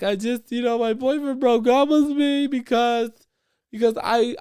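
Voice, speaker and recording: A man's voice: darkish tone, no echo, studio quality. A man hosting a podcast, telling a rambling, profane story in a casual chat. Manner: rambling, profane, acts out quotes in high voices. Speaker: podcast host.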